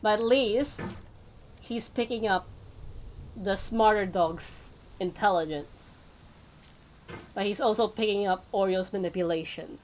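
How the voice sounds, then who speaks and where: A woman's voice: mid-range voice, measured pace, pauses often, darkish tone, a little hiss or hum. A woman VTuber chatting casually to her viewers while playing a game, rambling off on tangents with small laughs and restarts. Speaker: VTuber streamer. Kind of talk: casual gameplay stream chat.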